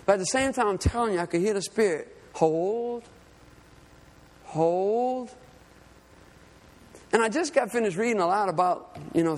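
In a large hall, a man with a high-pitched voice preaches a sermon. He is a lay preacher and fishing guide, and he shares a personal story in an earnest, conversational manner.

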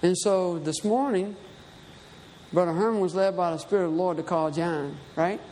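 A man's voice: high-pitched, moderate pace, darkish tone, a little hiss or hum. A man preaching a sermon, telling a dream story in a conversational, emphatic way. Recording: reverberant hall with faint ambience.

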